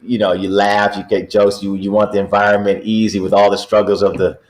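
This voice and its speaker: A man's voice: lowish voice, level tone, brisk. A middle-aged basketball coach, a man, telling stories in a casual chat and laughing often as he talks. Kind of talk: casual storytelling.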